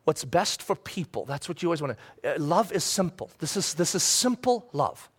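Middle-aged male preacher, high voice, animated sermon delivery with big swings from quiet to shouting. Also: moderate pace, breathy edge. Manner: animated, swings from soft asides to loud shouted quotes. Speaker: pastor.

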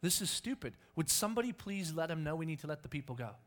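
A man's voice: on the high side, sing-song, fast talker. A man playing an exasperated ancient Egyptian complaining, in his own voice.

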